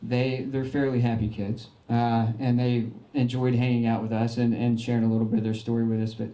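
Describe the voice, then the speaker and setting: A man's voice: medium pitch, flat delivery, a little fast, mellow. A young man giving an informal slideshow talk. He is folksy and earnest, with plenty of fillers and restarts. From Arkansas, United States. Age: young adult. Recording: echoey room.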